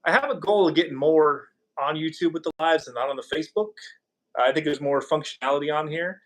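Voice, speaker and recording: Male streamer, somewhat high voice, loose and rambling, jokes with his chat. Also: fairly quick, a bit bright. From California. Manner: rambling and jokey, reacting to chat. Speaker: podcast host. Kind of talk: casual live-stream chat.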